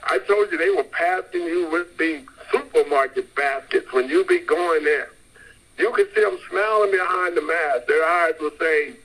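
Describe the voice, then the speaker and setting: A man's voice: fairly high pitch, normal speed, gravelly, bright, forceful tone, low-quality recording. A man delivering a rambling, emphatic sermon and repeating his points insistently. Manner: emphatic, repetitive, insistent preaching. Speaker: preacher. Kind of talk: street-style sermon.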